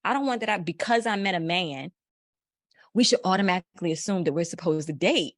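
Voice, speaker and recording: A woman's voice: fairly low pitch, animated, a little fast, no room sound, studio quality. A woman from the United States, a podcast guest, talking bluntly in slangy casual chat and laughing often.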